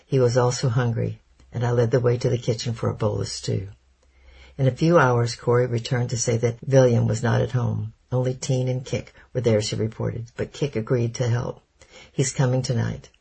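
A man narrating a chapter of an audiobook in a steady, measured storytelling manner. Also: medium pitch, vocal fry, breathy edge. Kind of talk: scripted narration.

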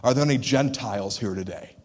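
A man preaching a sermon as pastor, in an animated, conversational way. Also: on the low side, brisk. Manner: animated, conversational, acts out quoted voices.

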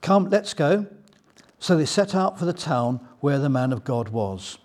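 A man preaching a Bible teaching sermon, retelling scripture in a lively storytelling way. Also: medium pitch, moderate pace.

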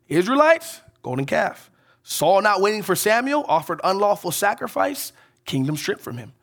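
A man preaching a sermon as pastor. He keeps checking in with the congregation with "right?" and "okay?", and swings between emphatic rises and soft drops. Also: fairly high pitch.

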